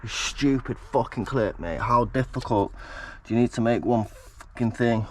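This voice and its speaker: A man's voice: mid-range voice, moderate pace, few pauses, darkish tone. Guy swearing his head off at a car part in his garage, fed up, muttering away, bit of background hum. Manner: exasperated, swearing, muttering to himself while working. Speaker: car mechanic filming a teardown. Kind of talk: working commentary to camera.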